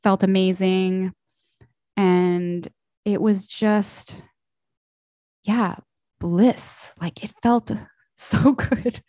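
A young woman telling a personal story in casual podcast chat, animated and acting out quoted voices. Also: mid-range voice, drawn-out words, pauses often, no echo, studio quality. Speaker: podcast guest.

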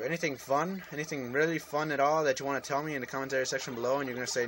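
A man hosting a let's-play video rambles and jokes with his viewers while he plays. His medium-pitched voice is steady in tone but racing, with few pauses, in a noisy home recording.

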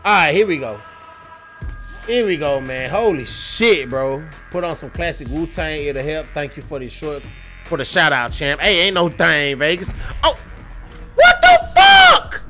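Over music, a young man with a highish voice comments on his fighting-game stream at normal speed. He swears, trash-talks his foes and airs his frustration to chat, breaking into loud outbursts.

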